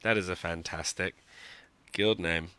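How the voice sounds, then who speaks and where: A man's voice: low-pitched, steady tone, measured pace, bright, forceful tone, clear, resonant tone, dry recording. A man giving live commentary on a mobile game he is playing, talking to himself in a wry, joking, self-mocking way. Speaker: gaming streamer.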